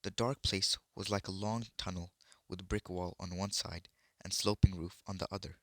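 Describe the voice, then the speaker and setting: A man's voice: sits low, fairly even intonation, moderate pace, no room sound, studio quality. A man reading a children's novel aloud, unpolished, with slips and restarts. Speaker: reader.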